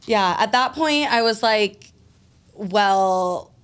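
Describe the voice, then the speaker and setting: A woman's voice: medium pitch, moderate pace. A young woman hosting a podcast, telling a personal story in casual chat, full of "like" fillers and swearing. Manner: animated storytelling, heavy "like" fillers, frequent swearing. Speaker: podcast host.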